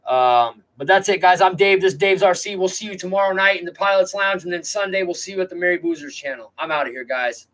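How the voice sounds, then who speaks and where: A man's voice: high voice, fast talker, few pauses, fairly bright tone, poor audio. A man hosting a live stream, chatting casually in a rambling, laid-back way.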